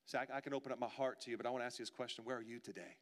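A man delivers a sermon from the pulpit in a bright, forceful voice. He moves from loud pleading to hushed, confessional near-whispers. The sound rings out with the long reverb of a church hall. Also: mid-range voice, fairly even intonation, very fast. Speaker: pastor. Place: church sanctuary.

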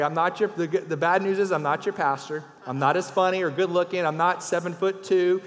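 Guy preaching in a church, telling jokes, kinda high voice, lots of hall echo. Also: fairly quick, few pauses, a bit bright. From Louisiana. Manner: folksy storyteller, raises his voice for punchlines. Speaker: guest preacher. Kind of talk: sermon. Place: church sanctuary. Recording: long church hall reverb.

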